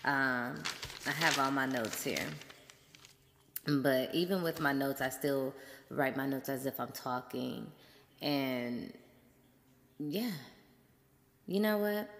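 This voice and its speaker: A woman hosts her show alone in loose, playful chat and laughs easily. Her voice sits low and her pace is unhurried. A long, hall-like reverb trails behind every word. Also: a little hiss or hum. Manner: playful, chatty, laughs often. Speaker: podcast host. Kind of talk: casual solo chat.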